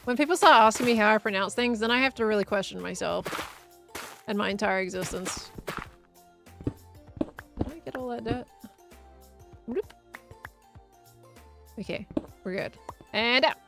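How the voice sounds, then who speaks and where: A woman's voice: fairly high pitch, normal speed, creaky, pauses often, a bit bright, soft background music. Chatty young woman streaming. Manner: chatty, muses aloud, laughs often. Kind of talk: casual live-stream chat while gaming.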